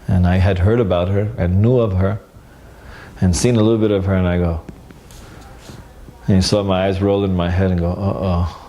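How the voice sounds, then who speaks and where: A man recalling old memories in a casual, animated storytelling way, acting out the dialogue and often stopping to restart. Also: deep voice, slight background noise. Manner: halting, with restarts and fillers.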